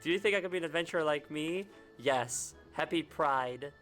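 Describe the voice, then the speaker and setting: A man's voice: on the high side, normal speed, fairly bright tone, soft background music. A man streaming a video game, chatting jokily and profanely over the story. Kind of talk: casual gameplay commentary.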